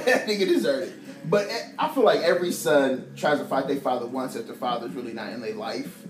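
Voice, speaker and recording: A young man from Ohio co-hosting a podcast, telling stories in a loud, profane, animated way and laughing often. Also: medium pitch, normal speed. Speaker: podcast co-host. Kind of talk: casual chat. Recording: echoey room with music behind.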